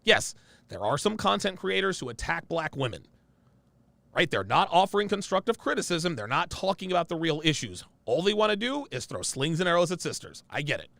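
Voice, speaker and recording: A man's voice: a little high, sing-song, fairly quick, gravelly, a bit bright, no room sound. A man hosting reaction commentary who talks emphatically and keeps checking in with "right?" and "okay?". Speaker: commentary host.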